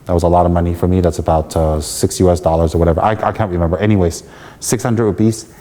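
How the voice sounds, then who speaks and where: A man from the United States giving a Buddhist teaching as a lively story, laughing often and acting out what people said. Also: sits low, quick pace, in a large hall. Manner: animated, laughs often, acts out quoted speech. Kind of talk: storytelling dharma talk.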